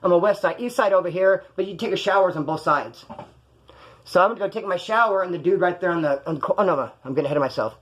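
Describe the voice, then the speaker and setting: A man with a Californian accent tells stories from prison in a loose, rambling monologue. He talks fast in a fairly high voice, swears freely, and jumps into the voices of other people in his stories. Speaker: podcast host telling prison stories. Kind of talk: casual storytelling monologue.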